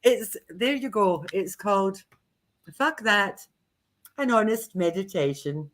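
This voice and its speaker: On a live psychic development stream, a female co-host speaks at a medium pitch and moderate pace in an expressive way. After reading a comic meditation aloud, she moves into casual chat, full of laughter and free swearing.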